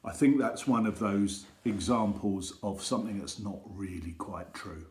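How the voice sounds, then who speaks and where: A man leading a school assembly, telling funny stories and reading jokes to children in a gentle, teasing way. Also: lowish voice, a little slow, roomy sound.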